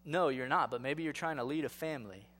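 A man's voice: fairly high pitch, quick pace, fairly bright tone, in a large hall. A male pastor giving a sermon in a conversational style, asking rhetorical questions and building to emphatic exhortation.

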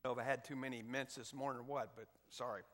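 A man's voice: mid-range voice, fairly even intonation, rapid-fire, a bit bright, in a large hall. A male pastor preaching a sermon, emphatic, reading scripture aloud between points, with an occasional cough. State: coughing now and then.

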